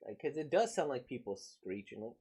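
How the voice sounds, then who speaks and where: A man's voice: mid-range voice, very animated, fairly quick, dark tone, husky. A man casually reacting to a comic he is reading aloud, rambling with many fillers.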